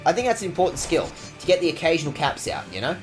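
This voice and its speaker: Animated, profane game streamer. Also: male voice, fairly high pitch, very fast, soft background music. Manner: profane, mock-outraged ranting. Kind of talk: casual game stream commentary.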